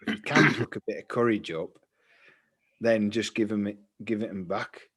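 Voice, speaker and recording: A man's voice: on the low side, moderate pace, fairly bright tone, husky. A young man, casually telling a long story on a podcast, rambling and swearing freely. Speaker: podcast co-host.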